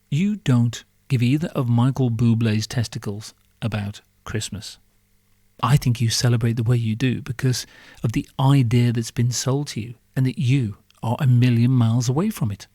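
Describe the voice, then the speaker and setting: A man's voice: medium pitch, fairly even intonation, moderate pace, dark tone, no echo, clean studio sound. A man hosting a podcast, delivering a sarcastic, profane comic monologue full of rhetorical questions. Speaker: podcast host.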